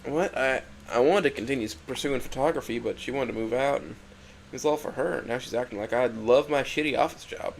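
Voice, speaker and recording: A man's voice: medium pitch, brisk, creaky, a little hiss or hum. A man narrating a first-person dramatic story, emotional and swinging from hurt to angry outbursts.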